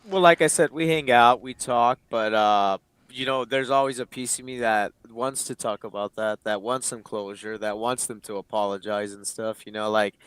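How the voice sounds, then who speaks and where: A man's voice: on the low side, steady tone, normal speed, a bit bright, clean tone, no room sound. Candid man in his late twenties. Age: late 20s. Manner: emotional, swears freely, acts out quoted dialogue. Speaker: interview guest. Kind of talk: candid personal storytelling.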